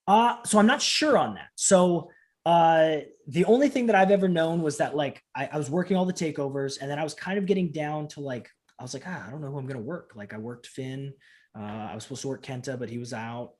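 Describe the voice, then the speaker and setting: Man telling a lively anecdote in a fairly high voice. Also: brisk. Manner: animated, acts out the voices of people in his stories, fills in with "like". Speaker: professional wrestler, interview guest. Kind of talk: casual interview storytelling.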